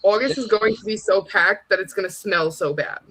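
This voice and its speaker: Bright, chatty woman. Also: mid-range voice, moderate pace, slightly rough, poor audio. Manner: animated, chatty, slangy, laughs often. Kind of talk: casual chat.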